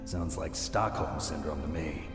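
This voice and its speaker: An actor playing a curt, gruff male soldier in a video game. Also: very deep voice, fairly even intonation, a little slow, echoey room, big-room sound, over music. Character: gruff middle-aged male soldier, blunt. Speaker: game character.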